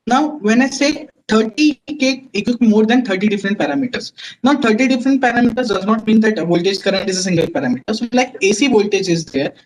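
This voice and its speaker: A man's voice: high voice, expressive, fast, poor audio. A man presenting a technical webinar, explaining test instruments step by step with frequent fillers and restarts.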